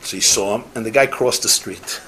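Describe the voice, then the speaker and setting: A man's voice: fairly low pitch, measured pace, sharp tone, a little hiss or hum. A rabbi giving a Torah class, emphatic and repeating his key phrases, with Yiddish and Hebrew words mixed in.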